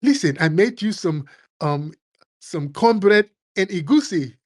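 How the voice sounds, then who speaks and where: A man voicing a boastful immigrant man, in high, exaggerated, sing-song mockery. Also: animated, measured pace, a little mellow, dry recording. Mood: fawning. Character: boastful immigrant man mocking and later fawning.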